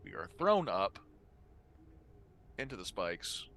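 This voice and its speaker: A man's voice: low-pitched, sing-song, slow, fairly bright tone, slight background noise. A man playing a tabletop game, thinking aloud as he reasons through a puzzle. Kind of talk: casual game table talk.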